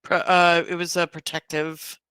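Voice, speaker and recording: Woman player, bright crisp voice, lively pitch, wry asides, dry close sound. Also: unhurried, dry recording, rough recording. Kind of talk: playing a tabletop game.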